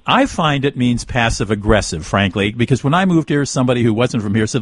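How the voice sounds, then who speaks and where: Husky male radio host, dry close studio sound, easygoing delivery. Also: mid-range voice, brisk, hardly any pauses, no room sound. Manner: relaxed conversational delivery with hesitations. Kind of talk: radio interview and read sponsor spot.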